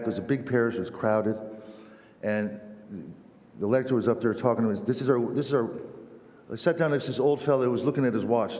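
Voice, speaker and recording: A man who is a missionary priest, telling a self-deprecating story to a parish with many halting restarts. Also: medium pitch, a little mellow. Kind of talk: storytelling church talk. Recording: echoey church hall.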